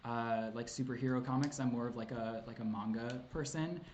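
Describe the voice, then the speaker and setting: A man's voice: medium pitch, fairly even intonation, brisk, darkish tone, slight background noise. A man answering chat questions on a casual livestream, rambling and hesitant with many ums and likes, laughing often and swearing casually.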